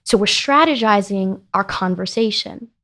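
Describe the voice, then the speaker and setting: Woman guest on a podcast, middle pitch, talks fast and emphatic, gets fired up. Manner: emphatic, animated, rising into heated retelling. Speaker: podcast guest, business founder. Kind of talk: casual interview storytelling.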